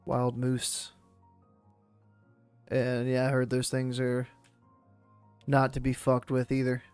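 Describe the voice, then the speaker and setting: A man's voice: mid-range voice, monotone, takes it slowly, darkish tone, clear, resonant tone, no echo, soft background music. A man streaming a game and chatting casually, rambling and laid-back, swearing freely and laughing often. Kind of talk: casual chat while gaming.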